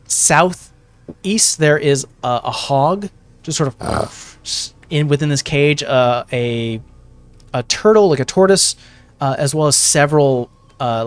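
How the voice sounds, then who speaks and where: A man as game master, describing a tabletop game scene with many fillers and self-corrections. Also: fairly high pitch.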